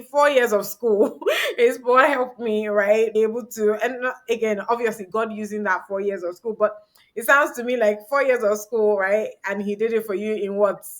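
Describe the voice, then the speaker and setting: High-voiced woman hosting a podcast. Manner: warm, affirming, laughs easily. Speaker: podcast host. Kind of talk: casual podcast conversation.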